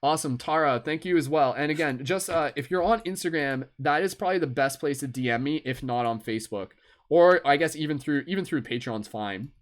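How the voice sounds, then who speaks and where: A man's voice: a little high, a little fast. Laid-back Canadian man, rambling stream chat. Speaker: live-stream host. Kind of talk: casual live-stream chat.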